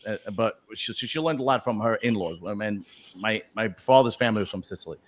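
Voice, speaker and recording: A middle-aged man hosting a casual video-call chat, telling stories in a crude, animated way and swearing freely. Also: fairly low pitch, fast. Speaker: host.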